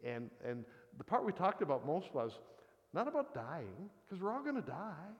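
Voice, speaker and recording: A man's voice: fairly high pitch, big pitch swings, moderate pace, dull audio. Folksy older man preaching in a hall. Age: 60s. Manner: folksy, storytelling, frequent "kind of thing" asides. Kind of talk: conversational sermon with personal story. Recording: long reverb of a large hall.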